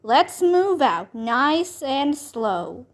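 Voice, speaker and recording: A woman's voice: sits high, unhurried. A woman doing a drawling cowboy girl. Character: bold young girl playing a drawling cowboy. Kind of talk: children's book read-aloud.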